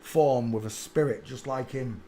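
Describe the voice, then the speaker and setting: A man's voice: mid-range voice, unhurried, warm tone, slight background noise. A man delivering an insistent, preachy ranting monologue to his channel. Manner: preachy, insistent, with filler hesitations. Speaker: channel host.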